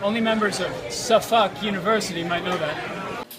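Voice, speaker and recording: A man's voice: sits high, normal speed, very noisy, natural voice. A man voicing a pompous British lecturer who over-enunciates every word. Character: pompous male British lecturer on proper English. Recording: loud crowd chatter behind.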